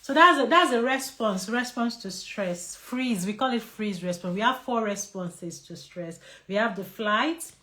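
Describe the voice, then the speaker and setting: A woman with a Nigerian English accent speaks in a mid-range voice, leading a live question-and-answer talk on stress. Her delivery is lively and personal, with easy laughter and direct replies to viewers. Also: medium pitch, a little slow, few pauses.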